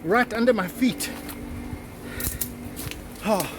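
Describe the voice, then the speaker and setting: A man hosting a vlog outdoors at old stone ruins, excitedly exclaiming and repeating himself into a handheld camera mic. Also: sits high, drawn-out words, over music. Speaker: vlog host exploring ruins. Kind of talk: excited on-the-spot vlogging.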